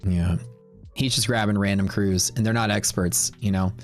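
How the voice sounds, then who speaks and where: A man's voice: fairly low pitch, fairly even intonation, normal speed, soft background music. A man hosting a livestream, telling a long story in a casual, rambling way, full of fillers and quoted back-and-forth. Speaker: livestream host.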